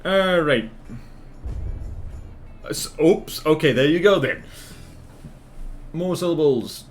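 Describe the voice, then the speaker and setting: A man's voice: a little high, lively intonation, slow, faint music behind. A man live-streaming a building game, chatting with his viewers and thinking aloud in a playful, self-mocking way.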